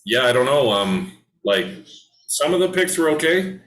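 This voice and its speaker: A man's voice: mid-range voice, sing-song, normal speed, fairly bright tone, reverberant, rough recording. A man hosting a casual hockey podcast, talking loosely with many ums and restarts. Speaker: podcast host. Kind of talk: casual sports chat.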